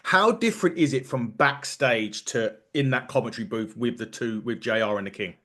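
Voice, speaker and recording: A man hosting a podcast, asking relaxed, conversational questions. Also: medium pitch, moderate pace. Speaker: podcast host. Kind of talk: casual interview.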